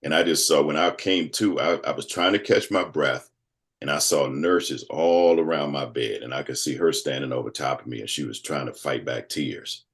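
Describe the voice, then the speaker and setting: A man in his fifties, a guest telling a personal story in casual conversation, animated and acting out other people's voices. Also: extremely low pitch, normal speed. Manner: animated storyteller who acts out quoted voices.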